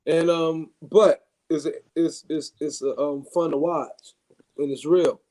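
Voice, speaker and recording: Mellow-voiced man hosting a casual boxing stream. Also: fairly high pitch, steady tone, takes it slowly. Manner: loose, chatty, many fillers and restarts. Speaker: live stream host.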